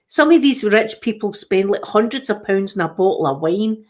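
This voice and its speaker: Hosting a relaxed livestream chat, this Scottish woman rambles chattily and keeps restarting her sentences, using a mid-range voice with lively intonation at a normal pace.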